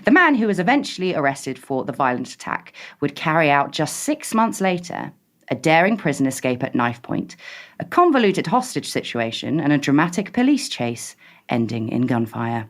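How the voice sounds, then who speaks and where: A British woman guesting on a podcast, telling a true-crime story in a lively, suspense-building way. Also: sits low, moderate pace.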